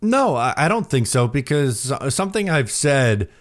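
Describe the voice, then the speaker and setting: A podcast co-host chats casually about hockey, rambling cheerfully and using plenty of filler words. His voice is medium-pitched with big swings in pitch, and he talks at a normal speed.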